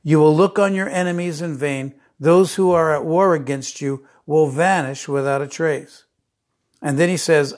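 A middle-aged man preaching a sermon, emphatic, repeating key phrases and dropping to a hush for tender lines. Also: on the high side, normal speed.

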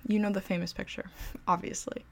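A young woman talks casually to the camera and tells a story like an excited fan. Her voice has a gravelly fry. She is chatty and pokes fun at herself, and her pitch sits in an ordinary middle range. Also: fairly quick. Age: young adult. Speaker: vlogger.

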